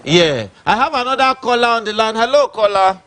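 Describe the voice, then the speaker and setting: A man's voice: high voice, expressive, a little fast, sharp tone. A man with a Nigerian Pidgin accent hosting a call-in show, bantering with callers. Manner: banters with callers, switches between Pidgin and English. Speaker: radio call-in host.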